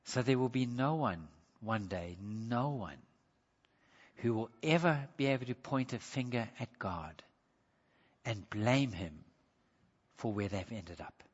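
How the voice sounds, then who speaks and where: A man preaching a sermon as pastor, impassioned, swinging from loud emphasis to hushed appeals. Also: medium pitch, lively intonation, slow pace, pauses often, breathy edge, long reverb tail, muffled recording.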